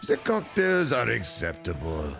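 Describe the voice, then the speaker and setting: A man putting on a gruff, surly foreign recruit with a mock German-sounding accent, speaking in slow, flat, stern pronouncements. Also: fairly low pitch, soft background music, voice pushed down, full character voice. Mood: dour. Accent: put-on German-sounding accent.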